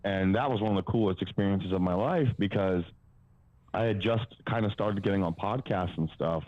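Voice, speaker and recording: A deep-voiced man in his twenties speaks at a moderate pace. He's a powerlifting coach guesting on a podcast, telling stories casually and rambling with plenty of fillers and the occasional swear. The audio is dull with no room sound.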